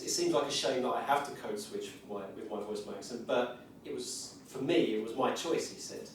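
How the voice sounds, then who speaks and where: A man from South Essex and North London gives a reflective conference talk, pausing on fillers and restarting his sentences as he thinks aloud. He stands well back from the microphone, so his voice sounds distant and carries a strong echo off the room. A faint hum of ambience sits underneath. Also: mid-range voice. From South Essex and North London, England. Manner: thoughtful, musing, with many fillers and restarts. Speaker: conference session presenter and former teacher.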